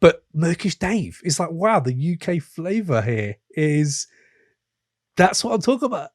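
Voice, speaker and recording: A man's voice: a little high, sing-song, unhurried, dry recording, studio quality. A man hosting a podcast interview, full of effusive praise and casual chat. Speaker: podcast host.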